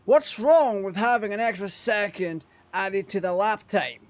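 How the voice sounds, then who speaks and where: A man casually commenting on his racing game, sweary and quick to rage at the game. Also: high-pitched, lively intonation, dry recording. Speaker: gaming channel host.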